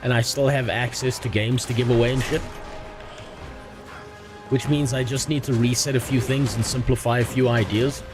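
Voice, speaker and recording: Rambling streamer man, crude deadpan jokes. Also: mid-range voice, moderate pace, music in the background. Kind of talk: casual chat while gaming.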